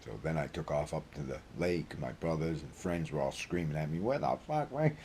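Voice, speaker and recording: A low-voiced man in his sixties with a broad Maine accent, spinning a rambling yarn to camera. His tone is dark and mellow, and he swears freely as he goes. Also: fairly even intonation, brisk, slight background noise. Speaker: vlogger. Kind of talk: casual storytelling.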